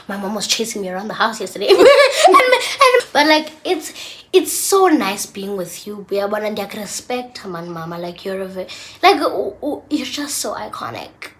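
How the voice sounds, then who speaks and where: A woman's voice: mid-range voice, very animated, moderate pace, few pauses, a bit bright. A teenage girl chatting playfully with her mother, laughing often and using lots of fillers. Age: teens. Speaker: daughter co-host. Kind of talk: casual chat.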